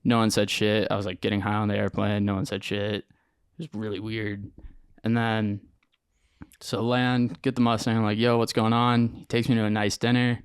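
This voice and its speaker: A young man, a podcast guest, telling his story in an animated, slangy way with lots of acted-out quotes. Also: lowish voice, normal speed, clear, resonant tone, dry recording, studio quality. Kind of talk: casual storytelling interview.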